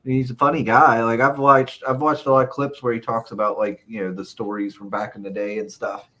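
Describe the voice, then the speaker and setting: A man's voice: medium pitch, little pitch movement, brisk, sharp tone. A man co-hosting a casual podcast, telling rambling stories full of fillers and chuckles. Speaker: podcast co-host. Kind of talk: casual chat.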